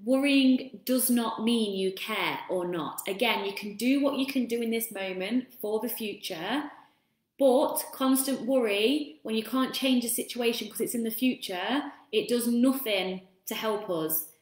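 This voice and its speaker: This woman speaks at a fairly high pitch and a slightly slow pace, hosting a laid-back self-help live stream. Chatty and warm, she stops now and then to greet the people watching, and the recording carries a roomy echo.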